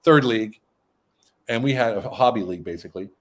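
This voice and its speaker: Brief: male guest, quick, salty anecdotal talker, mid-pitched. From United States. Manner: lively storyteller, blunt and profane. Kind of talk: casual conversation.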